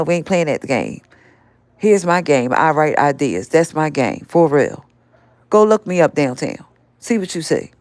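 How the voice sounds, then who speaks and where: A woman's voice: low voice, darkish tone, no room sound. An older woman hosting a live stream, scolding and confronting someone directly in a heated rant.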